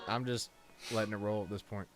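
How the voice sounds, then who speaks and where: A man's voice: fairly low pitch, fairly even intonation, brisk, over loud music. A man talking casually as host of a reaction video, laughing along and thinking aloud.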